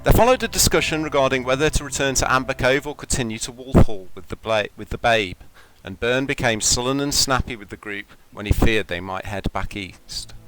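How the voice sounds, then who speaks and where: A man acting as game master, telling the story of a tabletop game with measured narration and relaxed rules talk over a home microphone. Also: mid-range voice, over music, low-quality recording.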